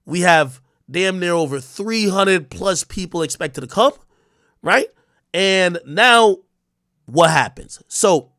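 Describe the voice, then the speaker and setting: A man's voice: high-pitched, bright, forceful tone, dry recording, studio quality. A young man ranting to his livestream viewers, agitated, swearing and stumbling over restarts. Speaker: live streamer. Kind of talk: casual livestream rant.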